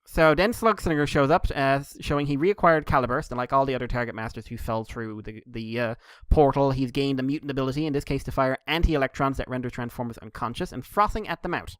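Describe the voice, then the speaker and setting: Smooth-voiced man on a podcast. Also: medium pitch, quick pace, no echo, studio quality. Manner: rambling, laughing, with jokey quoted voices. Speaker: podcast co-host. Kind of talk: casual chat, recapping comics.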